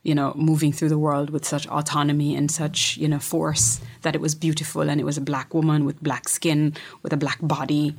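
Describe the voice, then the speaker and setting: A middle-aged woman telling a personal story in a casual, reflective way, often sinking into a soft whisper. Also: low voice, flat delivery, fairly quick, hardly any pauses, breathy edge.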